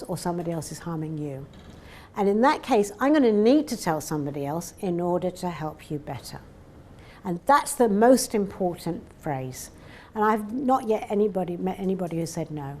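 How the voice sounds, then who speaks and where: A woman's voice: fairly low pitch, darkish tone, a little hiss or hum. A woman giving a conversational seminar talk, chatty and anecdotal, often acting out little dialogues. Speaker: seminar presenter. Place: seminar room.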